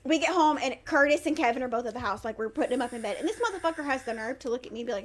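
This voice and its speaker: A woman's voice: high-pitched, animated, very fast. A woman in her twenties, a podcast host, telling a rowdy story with lots of swearing. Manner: profane, rowdy, laughing. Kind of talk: loud casual storytelling.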